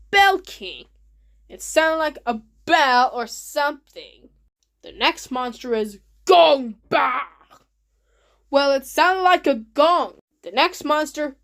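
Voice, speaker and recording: A woman hosting her own video, narrating casually with excited, simple, repetitive phrasing. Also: sits high. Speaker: channel host.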